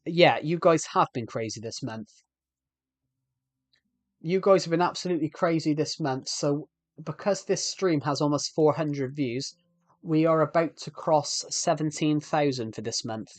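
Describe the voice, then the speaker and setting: A man's voice: on the high side, measured pace, no echo. A man live-streaming a game, chatting casually with viewers and often restarting sentences.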